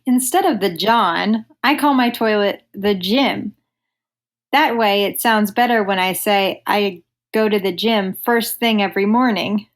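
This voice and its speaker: A woman's voice: medium pitch, unhurried. Dry-humored woman comedian guest. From United States. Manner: dry, setup-and-punchline joke telling. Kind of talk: casual podcast chat.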